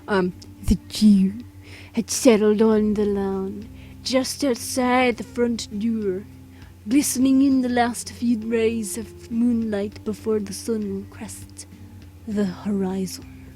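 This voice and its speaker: A woman voicing a male crime novelist reading his dark thriller aloud in a slow, hushed, dramatic way. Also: medium pitch, steady tone, close to an everyday voice.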